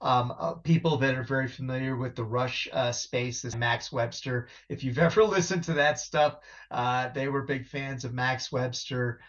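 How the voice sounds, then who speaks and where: A man co-hosting a music podcast in a casual chat, excitable, laughing often and swearing freely. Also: mid-range voice, normal speed, few pauses, dull audio. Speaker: podcast co-host.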